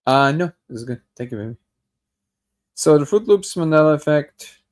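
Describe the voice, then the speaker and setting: A man's voice: a little high, animated, normal speed. A man hosting a daily live discussion, thinking aloud as he reacts to a video clip, often restarting and tripping over his words. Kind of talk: casual live commentary while watching a clip.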